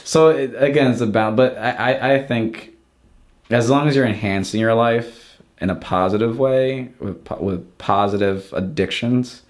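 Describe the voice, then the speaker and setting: A man's voice: medium pitch, moderate pace. A young adult man, a podcast guest, chatting casually and rambling with many restarts. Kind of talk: casual chat.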